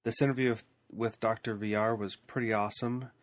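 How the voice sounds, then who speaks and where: A man hosting an education podcast with a cold that has made his voice deeper, introducing his guest and reading a sponsor message in a friendly, plain way. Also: level tone, brisk. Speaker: podcast host interviewing a principal. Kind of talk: podcast intro and interview questions.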